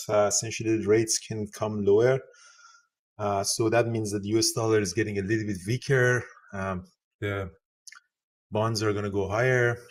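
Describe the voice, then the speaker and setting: A man hosting a live trading show, giving excitable market commentary and thinking aloud. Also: on the low side.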